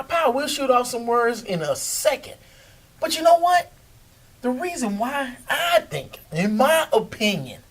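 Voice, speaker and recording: A man with a very high-pitched voice, picked up from a distant mic, hosts his own video show as a casual monologue to camera. He talks loosely and animatedly, swearing freely and laughing often as he answers his critics.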